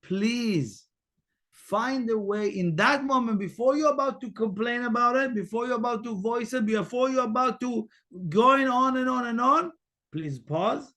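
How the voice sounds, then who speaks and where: A man giving a Torah portion lesson, emphatic and repetitive, swinging from loud urging to hushed, near-whispered asides, halting now and then on fillers. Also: very high-pitched. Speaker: spiritual teacher.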